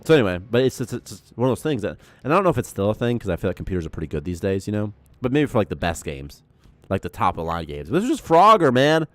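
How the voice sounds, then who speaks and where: A man in his late twenties, a game programmer chatting casually on a development stream and telling stories in a profane, animated way. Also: on the low side, quick pace, no echo, faint music behind. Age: 20s. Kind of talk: casual dev stream chat.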